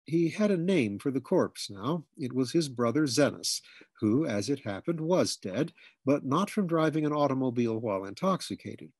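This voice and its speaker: A man reading a humorous memoir aloud with dry, measured storytelling. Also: medium pitch, expressive, a little mellow, husky, no echo. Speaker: audiobook reader.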